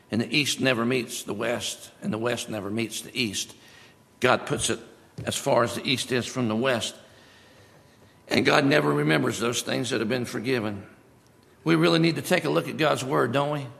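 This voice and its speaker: A male preacher delivers an emphatic sermon, driving his points home by repeating them. His voice is deeply gravelly at a middle pitch. It rings out with a long reverb from a church hall. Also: moderate pace, fairly bright tone.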